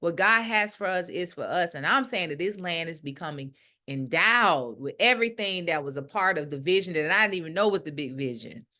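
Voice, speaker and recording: Woman preaching kinda casual, really expressive, bright voice, jumps into quoting people. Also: on the low side, brisk. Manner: animated, acts out quoted voices. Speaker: ministry leader. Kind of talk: casual spiritual talk.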